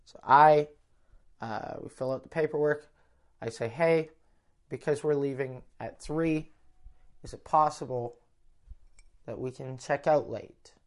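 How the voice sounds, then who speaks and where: A man's voice: medium pitch, measured pace, long pauses. A man with a Canadian accent, a comedian telling a rambling, profane road-trip story in casual podcast talk. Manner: rambling, profane, self-interrupting.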